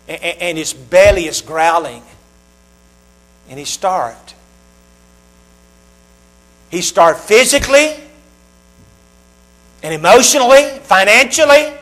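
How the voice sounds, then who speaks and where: A middle-aged male preacher with a high-pitched voice delivers a sermon to his congregation. He repeats his points and lets his voice swell as he presses them home. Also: fairly bright tone, poor audio. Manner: emphatic, repetitive preaching that swells in volume; talks straight to the congregation.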